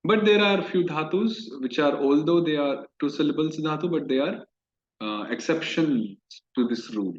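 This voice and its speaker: A man's voice: fairly high pitch, moderate pace. A man teaching Sanskrit grammar in a recorded class, explaining step by step and repeating key terms. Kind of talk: recorded online class lecture. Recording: dull lo-fi recording.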